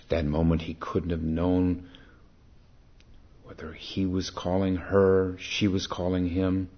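A man giving a dharma talk as a meditation teacher, telling a story and reflecting in a calm, unhurried way. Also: sits low. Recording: dull lo-fi recording.

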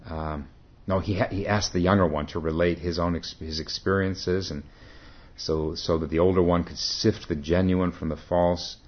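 A man, a Zen teacher, telling a story in a dharma talk, pausing often and correcting himself. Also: deep voice, fairly even intonation. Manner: halting, self-correcting. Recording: dull lo-fi recording.

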